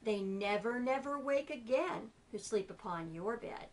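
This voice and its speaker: A woman's voice: a little high, lively intonation, unhurried, rough recording. A woman voicing a small, wary fly from a poem, refusing firmly with a protesting manner. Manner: firm, protesting.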